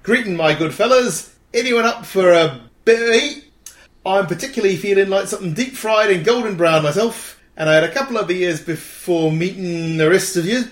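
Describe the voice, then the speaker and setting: A man's voice: high-pitched, moderate pace, voice pushed up, close to an everyday voice. A man voicing a boozy young male lad in a clumsy fake Cockney accent, hearty and overdone. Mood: jolly. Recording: roomy echo.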